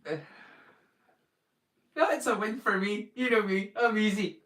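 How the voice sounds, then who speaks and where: Far from the mic in an echoey room, a man from northeast Scotland hosts a livestream watchalong, chatting casually, joking and greeting people by name. His Doric-accented voice sits high, sounds a bit bright, and moves a little slowly.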